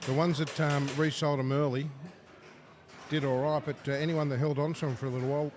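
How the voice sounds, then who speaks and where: Hoarse man commentating amid noise. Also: a little high, little pitch movement, a little fast. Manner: conversational, asks tag questions. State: losing his voice. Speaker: pinball commentator. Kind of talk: casual live commentary. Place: pinball club. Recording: clear background noise.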